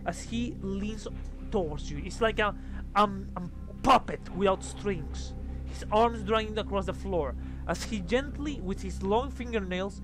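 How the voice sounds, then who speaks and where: A man with a high voice narrates as game master, painting creepy scenes in halting, descriptive bits. Music plays clearly underneath him. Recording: music in the background.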